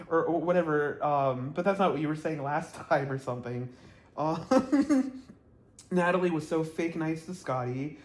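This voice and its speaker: A man chatting to camera about a reality show, blunt and gossipy, rambling with lots of ums and quick laughs. His voice sits a bit high for a man. The sound bounces around an echoey room. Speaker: reality TV reviewer. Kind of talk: casual vlog commentary. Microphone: camera mic, talking to camera.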